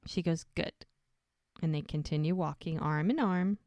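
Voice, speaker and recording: A woman co-hosting a podcast, recapping an episode in lively casual chat and quoting the characters as she goes. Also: sits low, normal speed, no echo. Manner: animated storytelling, quotes the characters. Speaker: podcast co-host.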